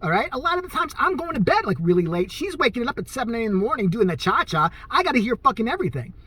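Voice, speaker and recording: Animated, profane man ranting. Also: very high voice, very fast, husky. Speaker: vlogger. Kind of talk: profane comedic rant.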